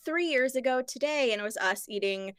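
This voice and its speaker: A woman hosting a podcast in casual chat, upbeat and quick to laugh. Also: high-pitched, animated, clean tone, no room sound, studio quality.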